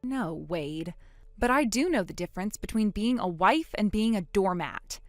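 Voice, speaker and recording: A woman narrating a text message story in a sharp, sarcastic tone. Her pitch moves in a lively way as she fires back. The voice sounds dry and close, with faint music underneath. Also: moderate pace, no echo.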